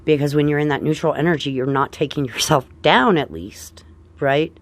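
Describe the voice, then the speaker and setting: An astrologer delivers a casual forecast to viewers in a mid-range voice at normal speed, with no room sound. She's chatty and upbeat, often adding "right?" and calling her listeners dear friends.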